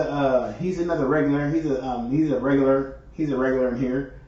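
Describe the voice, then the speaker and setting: A man's voice: medium pitch, steady tone, fairly quick, warm tone. A man hosting a livestream, chatting loosely with his viewers and greeting them by name. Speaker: livestream host. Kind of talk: casual chat with viewers. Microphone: far from microphone. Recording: echoey distant lo-fi room sound.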